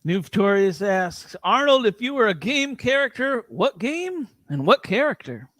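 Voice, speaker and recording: A man's voice: sits high, big pitch swings, unhurried, fairly bright tone, dry recording, studio quality. A man co-hosting a gaming livestream, joking, laid-back and profane. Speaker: co-host panelist. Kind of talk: casual livestream chat.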